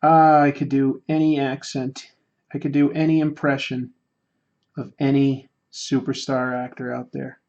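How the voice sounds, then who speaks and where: An American man chats on a livestream while drawing, joking, mocking himself, and rambling with restarts. His mid-range voice is a little mellow, with little pitch movement and a measured pace. The stream audio is dull and lo-fi.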